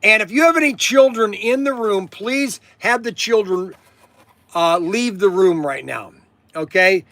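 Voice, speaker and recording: A man with a high, bright voice hosts a casual livestream. He rambles, circles back on himself and keeps checking in with his viewers. The sound is dry and close, with no room around it. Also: expressive, measured pace, no room sound. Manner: rambling, repeats himself, says okay often. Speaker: livestream host.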